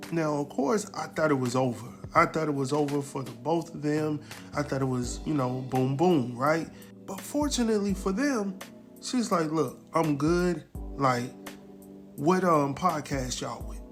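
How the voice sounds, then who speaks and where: A man recapping a TV episode in a casual, animated way, exclaiming and chuckling as he talks straight to his viewers. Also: on the high side, moderate pace, faint music behind.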